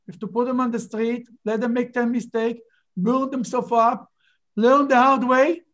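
A man's voice: extremely high pitch, moderate pace. Emphatic man teaching a Bible class. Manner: animated, emphatic, rhetorical questions. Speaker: rabbi teaching a Torah class.

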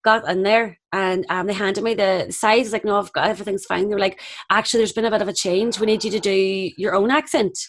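Young actress, rapid and lively, acts out the voices in her anecdotes. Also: medium pitch. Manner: animated, acts out quoted voices. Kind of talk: casual chat, storytelling.

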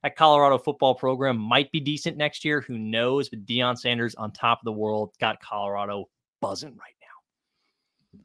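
A man co-hosting a sports podcast, chatting casually in an animated, joking way and swearing now and then. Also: medium pitch, normal speed, dry recording, clean studio sound. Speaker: podcast co-host.

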